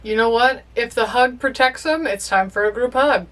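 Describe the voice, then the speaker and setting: High-voiced woman reacting to a movie. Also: moderate pace, soft background music. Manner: excitable, emotional, talks back to the screen. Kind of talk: first-time movie reaction commentary.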